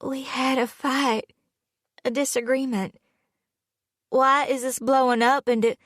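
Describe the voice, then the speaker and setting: A woman's voice: fairly high pitch, unhurried, no echo, clean studio sound, pitched above the performer's own voice, natural voice. A woman voicing a hurt young fiancée, pleading in a shaky, emotional voice in an audiobook. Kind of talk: audiobook character voice.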